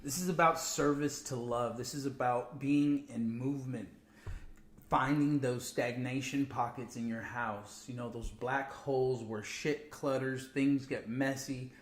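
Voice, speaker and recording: A man co-hosts a spiritual livestream, relaxed but preachy, with casual slang. He speaks at a middle pitch in an echoey room. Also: a little slow.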